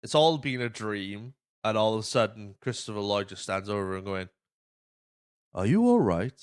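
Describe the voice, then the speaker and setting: A man's voice: on the low side, steady tone, a little fast, smooth. A man hosting a podcast, chatting casually about a movie, swearing often and acting out quotes. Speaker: podcast host.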